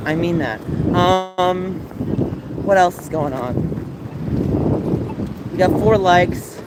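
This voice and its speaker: A man's voice: high voice, slow pace. A man livestreaming while walking city streets, talking passionately and ranting to his chat, with a sore throat and coughs. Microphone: handheld game console mic. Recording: loud wind noise on a handheld device.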